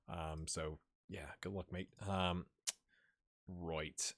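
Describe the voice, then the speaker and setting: Low-voiced and speaking very slowly, a gaming channel host comments casually on a football management game he's playing. He jokes in slang and cheers on the players he talks to, bursting out loudly on goals before drifting into mumbles, excitable throughout.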